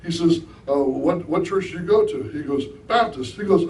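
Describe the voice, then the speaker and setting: A middle-aged guest speaker with a high-pitched voice talks briskly, giving a conversational spiritual talk to a live audience in a hall and often asking them questions. The recording is echoey with a distant mic and slight background noise.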